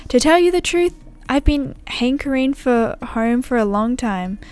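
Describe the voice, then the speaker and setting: A woman's voice: high-pitched, lively intonation, unhurried, darkish tone, smooth, faint music behind. Woman reading as a folksy male ranch hand. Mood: friendly. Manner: folksy, welcoming. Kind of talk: reading game dialogue aloud.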